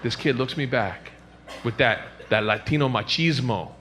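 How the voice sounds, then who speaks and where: A man doing a stand-up routine on stage, animated, breaking into squeals and shouts for effect. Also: mid-range voice, normal speed, very noisy. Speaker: stand-up comedian.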